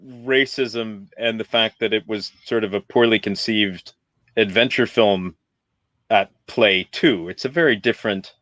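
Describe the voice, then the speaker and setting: A man talking casually about films as a guest, animated and opinionated, and prone to ranting. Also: fairly low pitch, unhurried, no room sound. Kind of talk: casual film chat.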